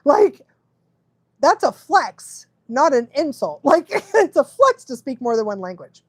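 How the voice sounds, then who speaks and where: Woman dog trainer just chatting, kinda high voice, laughs a lot, trips over words, dry close mic. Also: very animated, measured pace, no echo. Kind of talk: casual livestream chat.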